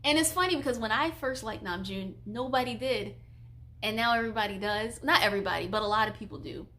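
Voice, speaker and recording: A woman's voice: a little high, fast, sharp tone. A woman in her twenties streaming casually, chatty and giggly, gushing like a fan while reading viewer questions. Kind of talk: casual live-stream chat.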